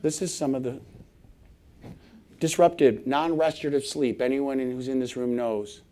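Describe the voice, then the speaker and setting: A middle-aged man giving a humorous conference talk, animated and laughing often as he acts out little scenes. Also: mid-range voice, normal speed. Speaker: conference speaker. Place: conference hall stage.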